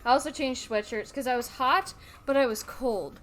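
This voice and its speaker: A woman's voice: sits high, normal speed, fairly bright tone, soft background music. A woman streamer chatting casually and gushing in a rambling way about her pets.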